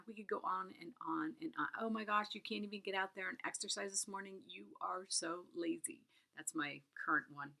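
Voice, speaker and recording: A woman's voice: medium pitch, fairly bright tone. Chatty middle-aged woman, half-whispering. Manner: chatty, emotional, often drops to a breathy half-whisper. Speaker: book reviewer. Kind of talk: casual book review vlog.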